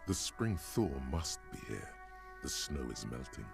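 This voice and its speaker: An actor voicing a brooding male narrator in a video game, speaking in a deep, gravelly voice. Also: big pitch swings, measured pace, over music, exaggerated voice.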